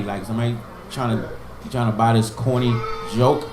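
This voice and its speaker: A man's voice: medium pitch, normal speed, echoey room, noisy background. A man teaching an informal Hebrew class, patiently sounding out and repeating each word and giving memory tricks. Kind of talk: informal online language lesson.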